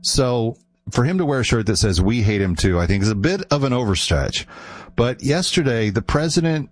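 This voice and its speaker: A man's voice: mid-range voice, sing-song, normal speed, no echo. A man from the United States giving casual, opinionated commentary in a wry, amused manner. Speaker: political commentator.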